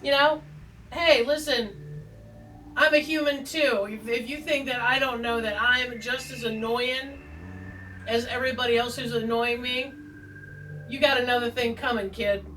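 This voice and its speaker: Her voice on the high side, pushed and bright, this tarot host speaks at a measured pace with fairly even intonation while rambling casually, joking about herself and adding lots of asides. She is far from the mic, the recording is rough, and faint background music plays.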